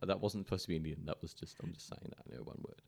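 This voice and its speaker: A man bantering on a casual podcast with a lively, joking manner. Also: deep voice, rapid-fire, vocal fry. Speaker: podcast regular. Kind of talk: casual chat.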